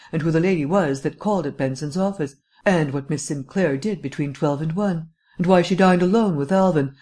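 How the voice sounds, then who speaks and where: A man voicing a languid, foppish gentleman detective with a drawling, affected upper-class wit. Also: fairly high pitch, close to an everyday voice.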